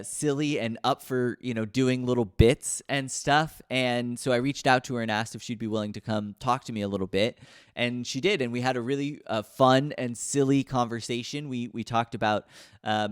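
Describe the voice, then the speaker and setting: A man's voice: medium pitch, smooth, no room sound, studio quality. A man hosting a casual podcast chat, rambling and self-deprecating, with lots of fillers. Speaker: podcast host. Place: Berlin.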